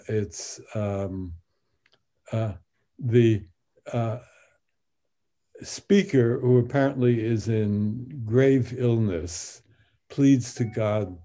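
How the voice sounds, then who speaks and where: An older man speaking as a guest in a podcast interview, halting with many fillers and restarts. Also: lowish voice, mellow. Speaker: guest translator of biblical poetry.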